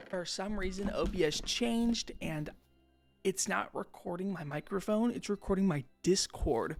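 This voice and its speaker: Rambling young man with vocal fry. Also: high-pitched, animated, normal speed, soft background music. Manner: rambling, self-deprecating, slangy. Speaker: gaming channel host. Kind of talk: casual gameplay commentary over footage.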